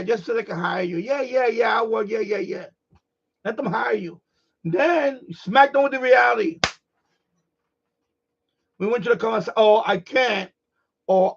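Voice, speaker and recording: A middle-aged man hosting a live stream, ranting in a blunt, profane, animated way in casual chat. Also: very high voice, vocal fry, husky, muffled recording.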